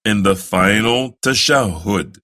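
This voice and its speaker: A man giving careful instruction to new Muslims, reciting prayer phrases slowly and deliberately so the listener can repeat them. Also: fairly low pitch, sharp tone. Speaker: religious instructor. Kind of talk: slow, careful instructional narration.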